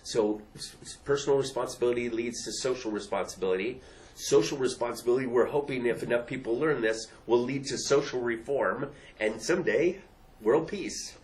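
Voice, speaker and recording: A man's voice: medium pitch, fairly quick, poor audio. A man hosting a talk on emotional skills, speaking in an earnest, repetitive way and laughing lightly between points. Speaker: host. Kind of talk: casual explanatory talk.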